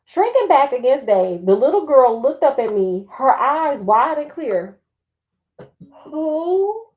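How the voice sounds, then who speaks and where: Sassy, animated woman storyteller. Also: high-pitched, measured pace, muffled recording. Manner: sassy, animated, laughing asides. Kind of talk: book reading with comic commentary.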